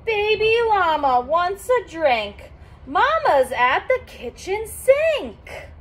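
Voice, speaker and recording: Reading a picture book to children, a woman speaks slowly in a very high, very animated, slightly bright voice. Her delivery is sing-song and teacher-like, and she stops to explain words for the little ones.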